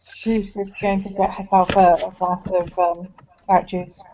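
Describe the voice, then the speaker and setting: Mellow-voiced woman at a tabletop game. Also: mid-range voice, little pitch movement, measured pace, a little hiss or hum. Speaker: player. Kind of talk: casual tabletop game chat. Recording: muffled lo-fi recording.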